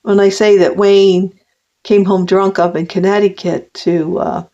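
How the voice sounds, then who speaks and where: A woman's voice: mid-range voice, flat delivery, unhurried, dark tone. An older woman talking straight to camera in a personal vlog, rambling and heartfelt, with frequent restarts. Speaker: vlogger. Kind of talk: personal confessional monologue. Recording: dull lo-fi recording.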